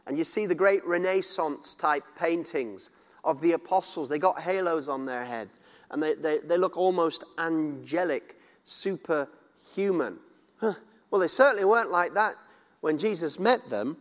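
Preacher in a reverberant hall. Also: male voice, on the high side, a little slow. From northern England. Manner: conversational, many restarts and repetitions, playful asides. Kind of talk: sermon.

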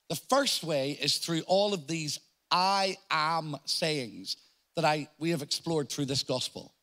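A man with an Irish accent preaching a sermon, explaining scripture in a deliberate teaching manner and giving quoted lines strong emphasis. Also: fairly high pitch, a bit bright. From Ireland.

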